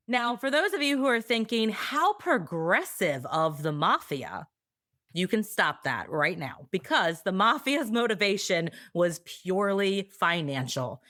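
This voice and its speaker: A woman co-hosting a podcast, telling history in a casual, sarcastic, animated way. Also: mid-range voice, dry recording, clean studio sound. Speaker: podcast co-host.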